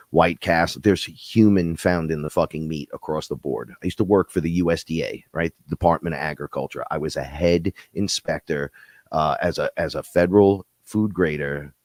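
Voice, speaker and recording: A middle-aged man co-hosting a live stream, telling rambling stories with plenty of swearing. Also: dry recording. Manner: rambling storyteller, swears freely, acts out other people in high voices. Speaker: podcast co-host. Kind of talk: casual live-stream chat.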